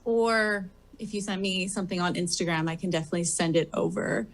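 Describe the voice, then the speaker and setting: A woman's voice: fairly low pitch, fairly quick. A woman guest on a talk show, chatting casually and rambling with lots of fillers. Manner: rambling, full of "like" and "um". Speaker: guest drag performer. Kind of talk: casual interview chat. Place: comedy theater stage.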